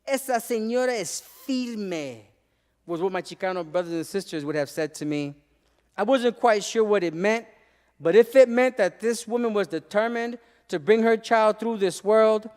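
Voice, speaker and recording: Man, spoken-word poet, high voice, emphatic storytelling, live venue with long reverb. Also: a little mellow, clean tone. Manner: emphatic storytelling, laced with Spanish phrases. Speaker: poet and former teacher.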